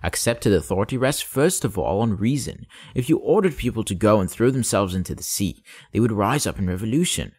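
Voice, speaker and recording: A man's voice: on the low side, expressive, brisk, few pauses, a little mellow, husky, no room sound. A man voicing a pompous old king in an audiobook, grandiose and commanding, issuing orders. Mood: lecturing. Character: pompous old male king, absolute monarch. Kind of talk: audiobook character voice.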